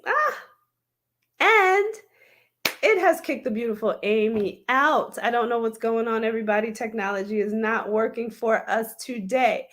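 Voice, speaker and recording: A woman hosting a show over a video call, chatty and apologetic, laughing easily. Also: on the high side. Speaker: host. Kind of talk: casual video-call chat.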